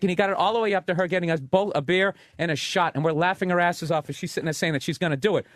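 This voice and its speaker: High-voiced man telling a profane story. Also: steady tone, racing, hardly any pauses, no room sound. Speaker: guest comedian. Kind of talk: comic anecdote on a talk radio show.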